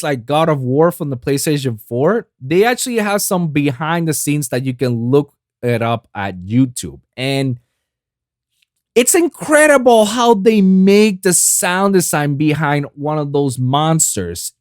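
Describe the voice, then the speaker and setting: A man's voice: a little high, sing-song, measured pace, no echo, clean studio sound. A man hosting his own podcast, talking loosely and casually about making sounds, with plenty of swearing and "I kid you not". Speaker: podcast host and music producer. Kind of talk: casual solo podcast talk. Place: lives in South Florida.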